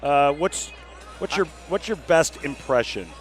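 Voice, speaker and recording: Excitable male interviewer. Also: fairly high pitch, measured pace. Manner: excitable, laughs easily. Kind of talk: live broadcast interview.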